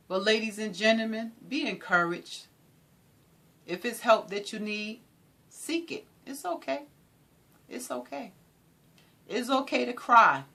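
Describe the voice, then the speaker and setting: Woman, inspirational talk, unhurried, lively rising and falling voice, repeats lines for emphasis. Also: mid-range voice, breathy edge. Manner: animated, preacherly, repeats phrases for emphasis. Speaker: motivational speaker.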